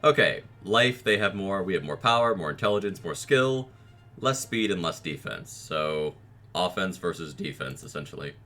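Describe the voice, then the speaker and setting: A man's voice: deep voice, animated, sharp tone. A man giving casual let's play commentary on a monster-raising game, reacting with short quips and dry asides. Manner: casual, self-deprecating, reacts with quick quips. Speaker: gaming video creator.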